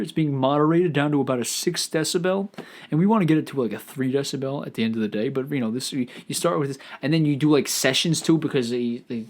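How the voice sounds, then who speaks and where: A man hosting a solo comedic podcast, riffing out loud in a profane, stammering ramble. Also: on the high side. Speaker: podcast host.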